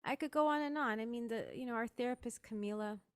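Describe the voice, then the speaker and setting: Young woman recounting a loss, halting. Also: on the high side. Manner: halting, restarts, many "like"s. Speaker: guest. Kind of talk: emotional personal account in conversation.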